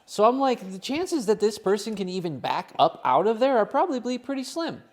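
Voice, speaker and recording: Casual co-host, a man with a fairly high voice, swearing as he rambles through a story. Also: big pitch swings, fairly quick, darkish tone. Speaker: podcast co-host. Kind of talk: casual chat.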